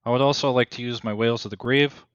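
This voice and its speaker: A man's voice: mid-range voice, steady tone, fast talker, clear, resonant tone, no echo, lo-fi sound. A man playing a rogue in a tabletop game, checking the rules aloud and muttering while he reads. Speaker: player, rogue. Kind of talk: casual game table chat.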